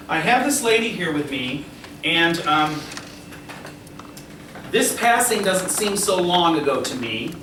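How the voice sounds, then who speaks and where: A man with a high, light voice gives a psychic reading to a crowd, constantly checking in with his listener and chuckling along the way. He is picked up from a distance, so the sound is roomy and echoing. A steady background noise runs underneath. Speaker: psychic medium. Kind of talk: live mediumship demonstration. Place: restaurant dining room before a seated audience.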